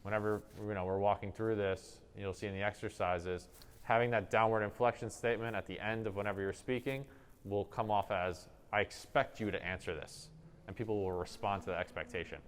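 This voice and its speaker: A man explaining social-emotional improv exercises in a conversational way, pausing to demonstrate tones of voice. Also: fairly low pitch, fairly even intonation, clean tone. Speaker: improv workshop instructor.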